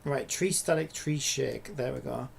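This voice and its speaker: Gravelly man thinking aloud while coding. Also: medium pitch, measured pace, slight background noise. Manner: thinking aloud, rambling, swearing casually. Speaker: streamer and indie game developer. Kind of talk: casual live-stream commentary while coding.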